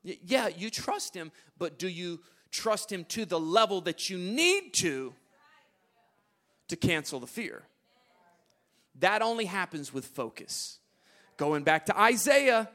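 A high-pitched man preaches a sermon. He drops into hushed, low asides, then surges into loud, emphatic declarations. He often repeats and restarts his phrases as he builds a point. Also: very animated, takes it slowly, pauses often.

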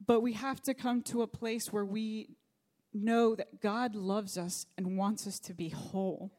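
A woman's voice: mid-range voice, fairly even intonation, a little slow, a little mellow. A middle-aged woman pastor preaching a sermon, telling a personal story in an earnest, faith-focused way.

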